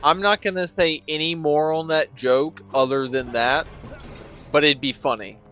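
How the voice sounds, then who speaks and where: A man's voice: on the high side, fairly even intonation, normal speed, fairly bright tone, soft background music. Joking, rambling young-sounding gamer guy. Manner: rambling, joking, self-deprecating. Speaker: let's play streamer. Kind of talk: casual gameplay commentary.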